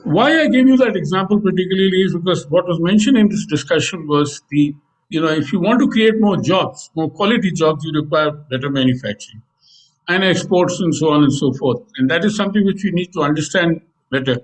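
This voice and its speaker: A man with an Indian English accent speaking on a panel about economic policy, pausing often with fillers. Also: a little high, poor audio. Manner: hesitant, many fillers. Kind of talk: panel discussion.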